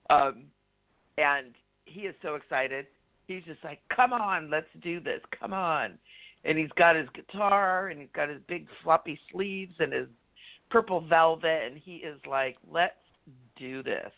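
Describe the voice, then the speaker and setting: Excitable man on a tinny phone line. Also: a little high, vocal fry. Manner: bubbly, excitable, full of fillers. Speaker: co-host and medium. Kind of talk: casual radio chat.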